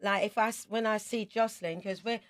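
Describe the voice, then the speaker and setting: A woman in her fifties from South London with a London accent, a singer chatting as a radio interview guest and telling lively stories with quick asides. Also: medium pitch. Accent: London English. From South London, England.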